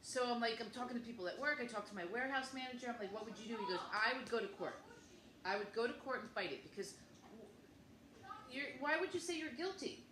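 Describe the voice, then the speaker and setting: A woman's voice: on the high side, lively intonation, quick pace. A woman in her fifties chatting casually as a co-host, rambling through stories and acting out both sides of each conversation. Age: 50s. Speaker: podcast co-host. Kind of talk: casual chat. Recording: echoey room with faint noise.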